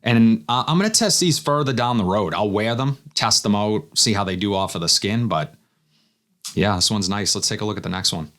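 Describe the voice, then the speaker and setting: Low-voiced man reviewing fragrances casually. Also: fairly quick. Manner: relaxed, thinking aloud while smelling. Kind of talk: casual first-impressions review.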